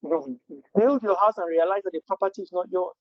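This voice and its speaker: A man's voice: sits high, fairly quick, no echo, dull audio. A man leading a live training webinar, earnest and full of rhetorical questions, often restarting his sentences. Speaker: Scrum trainer.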